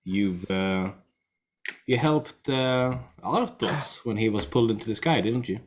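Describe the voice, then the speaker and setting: A brisk, no-nonsense woman who runs a coffee shop, voiced by a male game master in a lowish voice close to his own. She speaks in a measured, dry, slightly stern way. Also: expressive.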